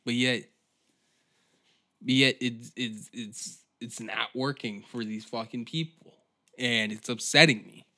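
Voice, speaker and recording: A man's voice: medium pitch, steady tone, takes it slowly, bright, forceful tone. A man hosting a comedy podcast, ranting in an exasperated, profane monologue. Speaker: podcast host.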